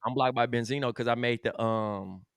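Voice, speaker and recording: A man's voice: mid-range voice, steady tone, fairly quick, gravelly, a bit bright, smooth, dry recording. Man, loose profane co-host, laughs often, dry close sound, casual chat. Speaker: podcast co-host.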